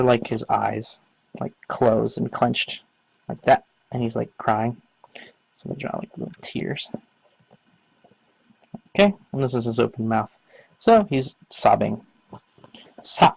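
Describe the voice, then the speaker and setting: Gravelly-voiced man casually teaching. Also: mid-range voice, no echo, low-quality recording. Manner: casual, rambling explanations with many fillers. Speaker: language teacher. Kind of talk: casual instructional talk.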